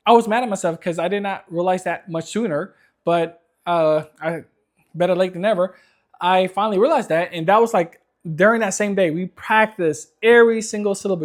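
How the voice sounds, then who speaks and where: A man's voice: high-pitched, a little fast. A man in his thirties talking casually to camera in an upbeat, rambling way with many restarts. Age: 30s. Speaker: vlogger.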